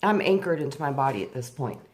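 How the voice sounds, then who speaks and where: Slow, hushed delivery marks the weighty parts of this woman's personal spiritual storytelling. When she relives a memory she becomes animated, her voice climbing sharply as she imitates who she used to be.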